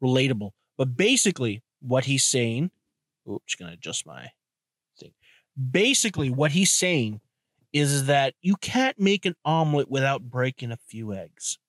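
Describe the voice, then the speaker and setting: A man's voice: medium pitch, very animated, moderate pace, a bit bright, dry recording, clean studio sound. A young man hosting a solo podcast, talking loosely and bluntly with lots of restarts and crude asides. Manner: loose, rambling and profane, with many restarts and "you know". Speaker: podcast host. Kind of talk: casual solo podcast monologue.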